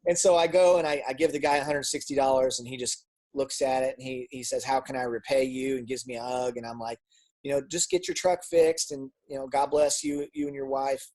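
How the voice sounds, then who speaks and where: A man giving a personal testimony as a guest speaker, telling a story with lively acted-out dialogue and frequent repeated words. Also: medium pitch, brisk. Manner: animated storytelling, acts out dialogue; repeats words when restarting.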